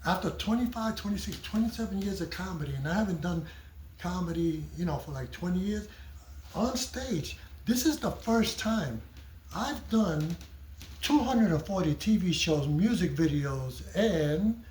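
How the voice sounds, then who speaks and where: A middle-aged man, a guest comedian and actor, chatting in an animated, joking, rambling way at a theater venue after a performance. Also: high-pitched, normal speed, slight background noise. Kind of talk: casual chat. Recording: roomy echo.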